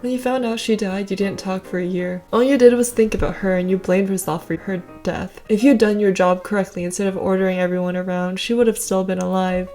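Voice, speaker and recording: A woman's voice: medium pitch, fairly even intonation, fairly quick, few pauses, mellow, faint music behind, lightly acted. Earnest dramatic teen girl, read by a young woman, storybook heroine vibes.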